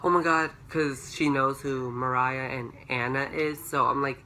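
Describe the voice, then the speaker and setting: A young man vlogging a storytime, rambling through a dream with constant filler words and rising into excited shrieks when he quotes himself. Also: unhurried, a little hiss or hum. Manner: excited, rises to high-pitched shrieks when quoting himself. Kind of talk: storytime vlog. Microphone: camera.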